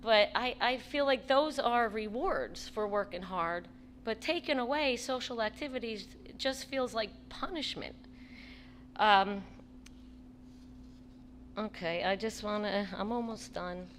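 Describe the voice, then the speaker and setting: A woman's voice: on the high side, fairly bright tone, a little hiss or hum. Impassioned woman at public comment. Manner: impassioned, pleading, halting restarts. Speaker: parent speaking at public comment. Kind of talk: public comment at a school board meeting. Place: public meeting room.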